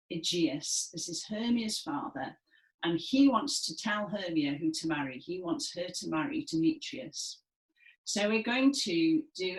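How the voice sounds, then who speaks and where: A woman leading a gentle seated movement session, speaking clearly and encouragingly with some dramatic emphasis. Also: on the low side. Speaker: movement and music session leader. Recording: echoey room.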